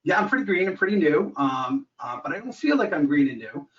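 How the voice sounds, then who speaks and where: Chatty male caller, a bit high-pitched, sounding distant and roomy on a dull line. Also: sing-song, fairly quick. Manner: chatty, self-deprecating, storytelling. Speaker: caller, new coaching client. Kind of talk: casual conversation.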